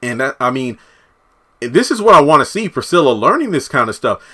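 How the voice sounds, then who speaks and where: Casting: male reviewer, bright tone, animated recap style with frequent asides. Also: mid-range voice, a little fast, breathy edge. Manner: animated, talks in asides and acted-out quotes. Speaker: TV show reviewer. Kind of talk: casual recap commentary.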